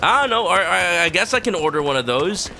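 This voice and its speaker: A man putting on a high, exaggerated voice as a flustered man scrambling to get a pizza. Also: animated, a little fast, creaky.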